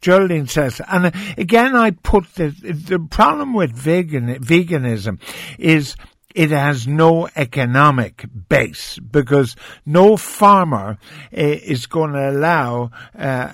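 A man's voice: fairly high pitch, fairly bright tone, no room sound, studio quality. A man hosting a radio talk show, asking probing questions with many hesitations.

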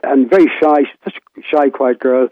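A man's voice: medium pitch, normal speed, no room sound. A man in his sixties with a Limerick Irish accent, a radio broadcaster reminiscing casually as a phone guest, rambling with many restarts. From Ireland. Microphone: telephone. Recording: tinny phone line.

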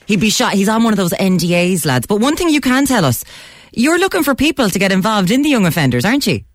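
A woman's voice: medium pitch, big pitch swings, quick pace, no room sound, studio quality. A woman hosting a radio show, teasing and playful as she interviews guests and takes calls. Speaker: radio host.

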